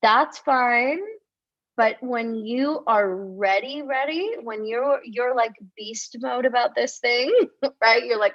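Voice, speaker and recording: A woman love coach guiding listeners through a visualization, speaking softly and encouragingly with gasps and repeated words. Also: fairly high pitch. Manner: soft, encouraging, with gasps and drawn-out sighs. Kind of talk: live-streamed guided visualization. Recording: dull lo-fi stream audio.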